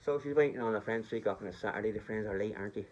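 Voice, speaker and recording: A man's voice: lowish voice, racing, darkish tone, lo-fi sound. A man telling a story in a chatty, rambling way, speaking directly to his listeners on a phone recording. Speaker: vlogger. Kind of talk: casual storytelling.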